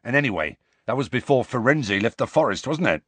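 A man voicing a gruff, rough-spoken giant gamekeeper who talks in clipped, grumbling country phrases. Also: mid-range voice, lively intonation, brisk, a bit bright, no echo.

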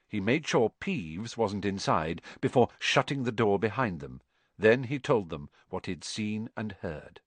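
A man reading a story aloud as an audiobook narrator, with expressive storytelling. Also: lowish voice, unhurried, dry recording. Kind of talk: scripted narration.

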